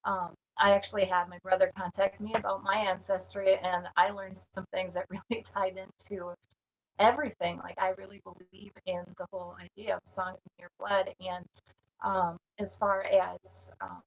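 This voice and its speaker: A woman's voice: medium pitch, little pitch movement, moderate pace, lo-fi sound. A woman from the Minneapolis area giving an earnest, candid testimonial about songwriting. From Minneapolis area, United States. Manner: earnest, candid, with light laughs. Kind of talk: spoken testimonial.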